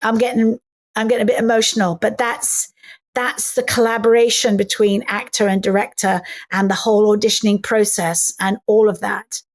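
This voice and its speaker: A middle-aged actress, a woman, chatting as an interview guest and telling animated stories full of acted-out lines. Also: medium pitch, normal speed. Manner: animated storyteller who acts out voices in quotes. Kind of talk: casual interview chat.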